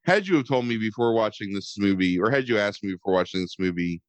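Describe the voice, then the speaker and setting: Sarcastic low-voiced man rambling casually. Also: quick pace, hardly any pauses, no room sound. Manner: rambling, sarcastic, swears, many fillers like "um" and "like". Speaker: podcast host reviewing a movie. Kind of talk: casual chat.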